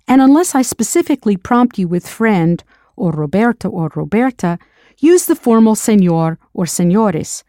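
A woman narrates a scripted audio language lesson with a warm, mellow tone. She is recorded close and dry. She patiently poses drill questions and confirms each answer. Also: medium pitch, lively intonation, moderate pace, no room sound. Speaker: language teacher.

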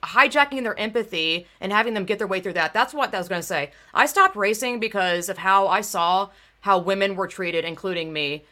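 Woman, ex-racer, bright forceful voice, blunt and profane, casual chat. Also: medium pitch, fairly quick, few pauses. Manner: blunt, swears a lot, gets heated. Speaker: former bike racer. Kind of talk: casual conversation.

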